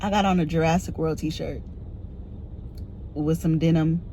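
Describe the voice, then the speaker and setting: Animated, laughing woman book vlogger. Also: low voice, unhurried, slight background noise. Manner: animated, laughing, self-mocking storytelling. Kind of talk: casual storytelling to camera.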